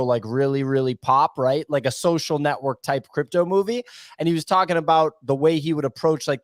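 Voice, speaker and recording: A man's voice: fairly high pitch, no echo, studio quality. A man hosting a podcast in casual chat, rambling and chatty, often turning questions to his co-hosts. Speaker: podcast host.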